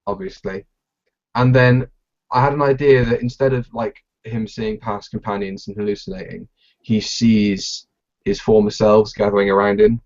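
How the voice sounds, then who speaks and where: A man with a lowish voice co-hosts a live podcast chat. He talks in a halting, playful way and keeps backing up and starting over. The sound is muffled and lo-fi. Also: fairly even intonation, a little mellow. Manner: halting, many fillers and restarts, playful. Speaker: podcast co-host.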